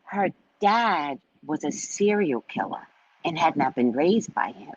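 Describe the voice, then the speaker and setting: A woman hosting a casual psychic livestream who tells stories in an animated, profane way. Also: deep voice, a little slow, breathy edge, no room sound. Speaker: psychic reader and host. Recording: dull lo-fi sound.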